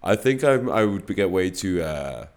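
A man's voice: deep voice, sing-song, normal speed, darkish tone. A man co-hosting a podcast in casual chat, with dry, teasing, self-deprecating humor. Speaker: podcast co-host.

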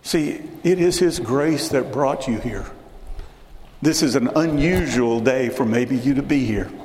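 A man's voice: mid-range voice, measured pace, a little mellow. A man preaching a sermon as pastor, speaking earnestly and directly to the congregation and repeating phrases for emphasis. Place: church sanctuary. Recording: echoey hall with long reverb, faint hiss.

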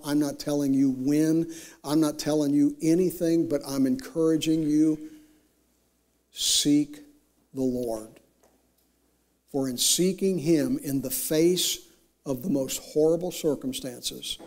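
A man preaching a sermon with slow, emphatic delivery, rising to impassioned peaks and dropping to near whispers. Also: fairly high pitch, a little mellow. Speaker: pastor.

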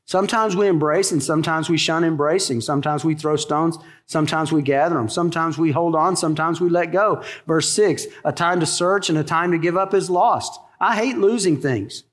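Middle-aged male pastor, high-pitched, folksy humorous sermon, reverberant hall. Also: fairly quick, few pauses. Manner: folksy, conversational preaching with humor.

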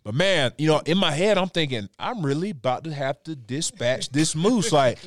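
Animated man telling a hunting story. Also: fairly high pitch, moderate pace, no echo. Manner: animated storyteller, swears freely, acts out sounds. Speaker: podcast host. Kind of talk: casual storytelling chat.

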